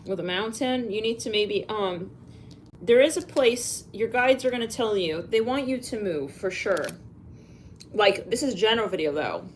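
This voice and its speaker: A woman's voice: mid-range voice, lively intonation, moderate pace, a little hiss or hum. A woman doing a live psychic reading, musing aloud, spelling out letters and names, with sighs and fillers. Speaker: psychic reader.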